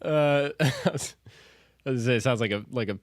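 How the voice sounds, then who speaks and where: A man's voice: mid-range voice, moderate pace, dry recording, clean studio sound. A man co-hosting a casual podcast, reading news stories aloud and laughing often. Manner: reads stories with frequent laughter. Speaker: podcast co-host.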